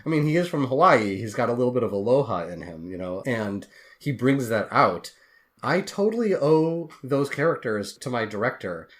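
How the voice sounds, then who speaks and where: A man's voice: mid-range voice, lively intonation, normal speed. A man, a guest author on a podcast interview, telling his story in an earnest, heartfelt way.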